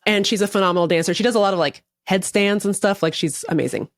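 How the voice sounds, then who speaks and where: A woman co-hosting a podcast, chatting casually in a wry, deadpan way with some swearing. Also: medium pitch, fast, dry recording. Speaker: podcast co-host.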